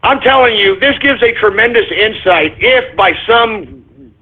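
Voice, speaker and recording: A man hosting a talk radio show, ranting loudly and profanely with indignant repetition. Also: high-pitched, animated, measured pace. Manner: loud, profane, indignant ranting with repeated catchphrases. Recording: phone-like lo-fi radio audio.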